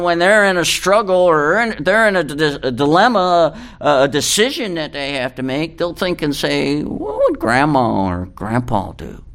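A man's voice: high voice, sharp tone. An older man preaching a sermon in a folksy, earnest way, reading scripture aloud. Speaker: pastor.

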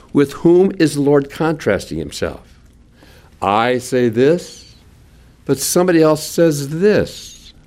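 A man preaching a sermon as a pastor, lively and folksy with homespun sayings. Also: medium pitch.

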